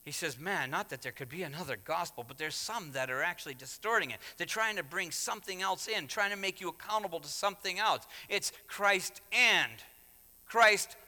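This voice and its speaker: A man preaching a sermon, his tone very bright and cutting as he pushes his points with rising emphasis. His voice sits fairly high for a man and rings out with a long hall reverb behind it. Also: quick pace, few pauses. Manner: emphatic, rising to loud exhortation. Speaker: pastor.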